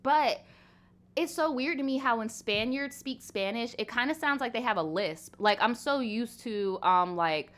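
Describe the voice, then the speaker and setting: A woman's voice: a little high, expressive, a little slow, a bit bright. A young woman in her twenties hosting a casual live Q&A stream, talking frankly with lots of fillers and swearing. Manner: chatty, frank, swears casually, many "like"s and laughs. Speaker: livestream host.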